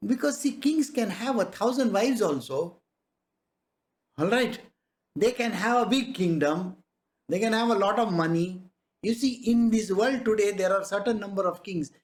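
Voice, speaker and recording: Lively man giving a spiritual discourse. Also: high voice. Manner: conversational, rhetorical questions, chuckles often. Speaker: spiritual teacher.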